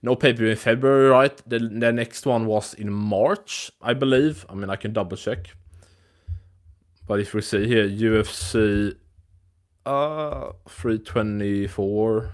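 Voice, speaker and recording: Speaking at a measured pace in a lowish voice, a man runs a live MMA news stream. The talk is casual and rambling, loose and profane, peppered with restarts and fillers.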